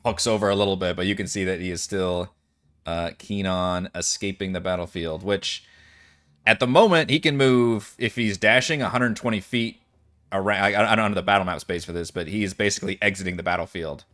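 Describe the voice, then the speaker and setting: A man's voice: sits low, brisk, a bit bright. A man running a tabletop game as dungeon master, thinking aloud with lots of fillers. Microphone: headset or desk mic on a voice call.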